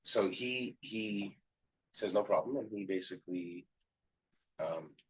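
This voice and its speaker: A man's voice: lowish voice, slow, fairly bright tone, husky, poor audio. A man on the staff of a yeshiva, telling a story in casual conversation and acting out the people in it.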